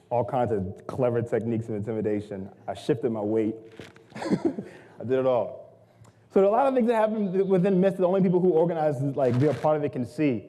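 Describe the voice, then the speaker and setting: A young adult man giving a humorous storytelling talk, self-mocking and lively, acting out the people in his stories. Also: a little high. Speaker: guest speaker. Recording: long hall reverb.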